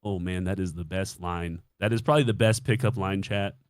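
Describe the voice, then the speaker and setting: A man's voice: low-pitched, fairly even intonation, brisk, clear, resonant tone, no echo, studio quality. A young man casually telling a dating story on a stream, swearing freely and acting out his own reactions.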